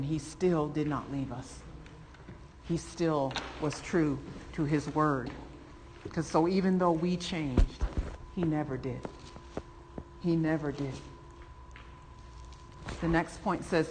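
A preacher teaching a sermon from study notes, speaking emphatically and repeating key phrases, building to excited fervor. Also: mid-range voice. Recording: long hall reverb, faint background noise.

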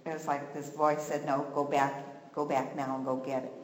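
A woman's voice: a bass voice, level tone, moderate pace, reverberant, in a large hall, slight background noise, rough recording. A woman giving an earnest personal testimony at church, telling her story step by step and acting out the voices in it.

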